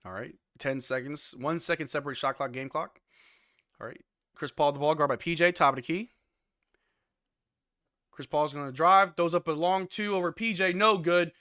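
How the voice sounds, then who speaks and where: A man hosting a live watch-along stream, calling plays and reacting loudly with hype shouts on big moments. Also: a little high, moderate pace, pauses often, no room sound, studio quality. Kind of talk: excited live game commentary.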